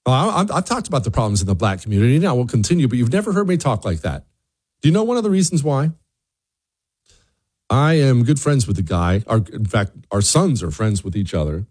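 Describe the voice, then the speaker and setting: Male commentator with a lively swooping delivery and a mid-pitched voice. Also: fairly quick, slightly rough, no room sound, studio quality. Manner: animated, rhetorical questions, repeats words. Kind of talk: opinion monologue.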